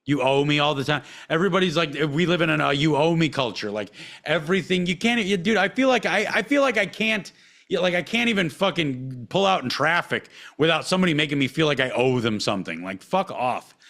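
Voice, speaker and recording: A man hosting a podcast, delivering a profane, heated rant. He swears constantly and swings between low mutters and loud outbursts. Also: expressive, a little fast, gravelly. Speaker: podcast host. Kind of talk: profane ranting monologue.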